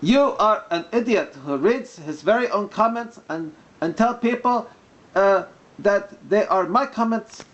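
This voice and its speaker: A man voicing a combative online commenter in a put-on mock Arabic accent, with a high, strained voice. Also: expressive, unhurried, lo-fi sound. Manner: combative, lecturing. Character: mocking caricature of an argumentative male online commenter.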